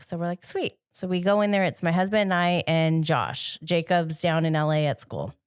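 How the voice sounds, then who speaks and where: A woman's voice: on the low side, moderate pace, few pauses, clear, resonant tone, no echo, clean studio sound. A middle-aged woman co-hosting a podcast, telling a story in casual chat and mimicking the people she quotes. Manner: lively, mimics voices when quoting. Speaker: podcast co-host.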